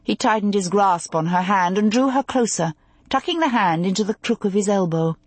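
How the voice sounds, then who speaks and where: A woman reads a novel as an audiobook narrator, delivering scripted narration in an expressive, measured storytelling style. Her voice is mid-range and the recording is dry.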